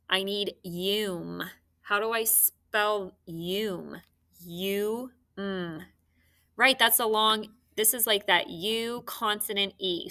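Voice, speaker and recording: A woman teaching phonics to young children. She speaks slowly and sounds out each word with care. Her voice is bright and her tone encouraging. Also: medium pitch. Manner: slow, clear, encouraging teacher talk with drawn-out words.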